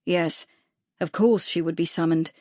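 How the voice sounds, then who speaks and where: A woman narrating a period mystery audiobook in a measured, even storytelling manner on a close mic. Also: deep voice, no echo. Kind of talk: scripted narration.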